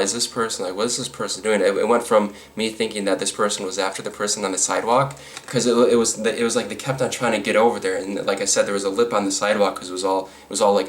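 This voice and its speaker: Rambling, sarcastic man with a lowish voice. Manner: rambling with many fillers and restarts. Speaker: vlogger. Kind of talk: storytime vlog.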